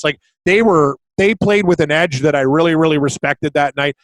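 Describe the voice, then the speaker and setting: Excitable man talking hockey bets. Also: a little high, moderate pace, no room sound, poor audio. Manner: excitable, blunt, swears casually. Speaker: podcast co-host, betting analyst. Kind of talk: casual sports betting chat.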